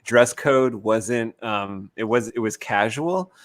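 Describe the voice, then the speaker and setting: A comic book artist telling a story in a casual chat, with halting, hesitant phrasing. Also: male voice, fairly low pitch, dry recording, clean studio sound.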